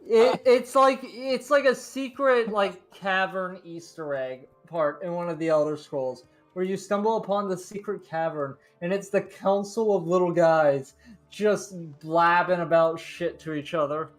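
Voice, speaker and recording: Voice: mid-range voice, measured pace, faint music behind. A co-host in casual gaming chat, jokey and chatty, often trailing off mid-sentence. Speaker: game co-host.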